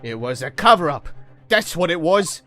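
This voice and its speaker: A man's voice: fairly high pitch, very animated, moderate pace, soft background music, voice pushed up. A man doing a brash old-timey newsboy reporter. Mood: outraged. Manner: loud, indignant, rough grammar. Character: angry young male newspaper reporter, brash.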